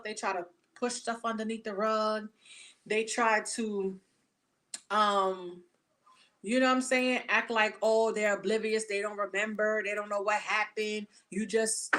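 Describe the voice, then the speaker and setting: Young woman doing a tarot reading, bright sharp voice, blunt and cussing a lot, super animated. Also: medium pitch. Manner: blunt, profane, animated storytelling. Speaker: tarot reader. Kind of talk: casual tarot reading monologue.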